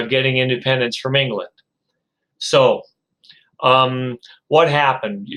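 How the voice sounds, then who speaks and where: A male professor giving a recorded lecture, telling a story in a relaxed, hesitant way with many fillers. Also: medium pitch, low-quality recording.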